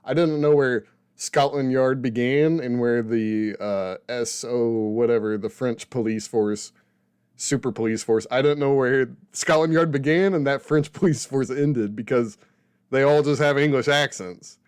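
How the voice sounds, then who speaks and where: A man's voice: mid-range voice, measured pace, a little mellow, clean tone, no room sound, clean studio sound. A man co-hosting a casual film review podcast, rambling and correcting himself as he talks. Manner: rambling, self-correcting, laughs often. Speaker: podcast co-host film critic.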